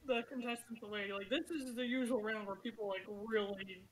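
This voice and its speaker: A woman runs the table as game master with a fairly high voice. She narrates in a loose, chatty way, with fillers and frequent giggles. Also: steady tone, a little fast, poor audio. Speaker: dungeon master.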